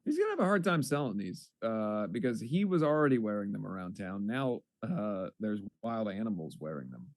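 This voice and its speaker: A man's voice: fairly low pitch, big pitch swings, fairly quick, few pauses, darkish tone. A man in his thirties hosting a casual chat, riffing with dry jokes. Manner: dry, joking riffs. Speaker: host.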